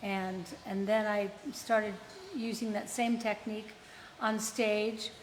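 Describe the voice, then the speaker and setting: A woman's voice: mid-range voice, little pitch movement, slow. A woman hosting a casual live chat, chatty and teasing. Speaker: host, performer. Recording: reverberant room with faint noise.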